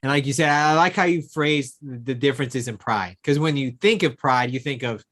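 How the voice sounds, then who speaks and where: A man hosts an interview in an ordinary mid-pitched voice. He echoes back and affirms what his guest has said. His talk is loose and conversational, full of filler words. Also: normal speed, fairly bright tone. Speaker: interview host. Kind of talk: interview hosting.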